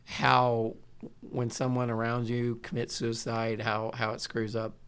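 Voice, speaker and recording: A man's voice: mid-range voice, completely flat delivery, measured pace, fairly bright tone, clean tone. A man hosting a casual podcast, rambling and asking crude questions. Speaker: podcast host.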